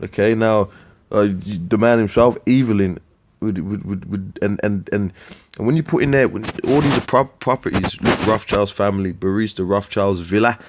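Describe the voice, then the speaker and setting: Low-voiced ranting preacher man. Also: background noise. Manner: profane, scornful, swings into loud outbursts; slangy, fast restarts and repeated words. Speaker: street preacher.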